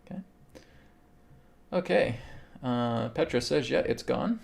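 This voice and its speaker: A man hosting a live show, calmly guiding a healing meditation and answering viewers' questions, often checking in with "okay". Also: mid-range voice, slow, vocal fry. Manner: calm, instructive, repeats okay. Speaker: host and spiritual healer.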